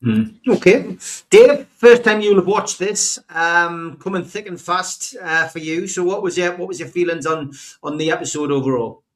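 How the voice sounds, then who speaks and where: A man's voice: high-pitched, normal speed, hardly any pauses. A man hosting a podcast who moderates the panel in an upbeat way, heard from further off the mic. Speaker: podcast host. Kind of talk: casual chat.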